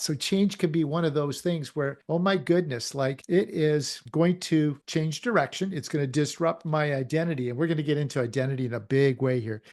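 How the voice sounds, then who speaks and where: A middle-aged man hosting a motivational podcast, energetic and firing many questions at the listener. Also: a little high. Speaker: podcast host. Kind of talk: motivational talk.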